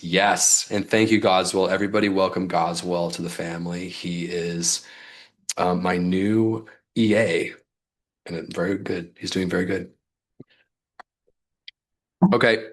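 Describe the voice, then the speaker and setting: A man's voice: low-pitched, a bit bright. A man coaching his audience in a casual livestream, loose and fired up, peppering his talk with "like" and mild swearing. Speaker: business coach.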